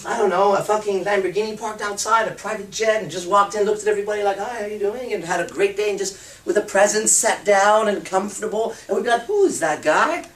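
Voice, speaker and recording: A man giving a blunt, profane and animated seminar talk as a dating and confidence coach. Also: high-pitched, fast, reverberant, distant mic. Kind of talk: seminar talk to a live group.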